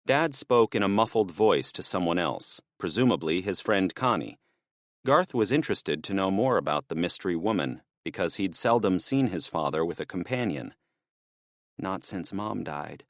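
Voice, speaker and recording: A man narrating an audiobook thriller in a measured, even storytelling manner on a close mic. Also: low voice, no echo. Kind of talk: scripted narration.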